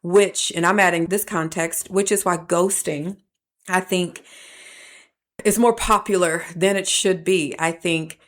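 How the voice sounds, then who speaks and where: A woman with a lowish voice speaks in a reflective podcast monologue. She tells personal stories and shifts into animated voices when she quotes people. She sounds like a professor sharing lessons with listeners. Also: measured pace.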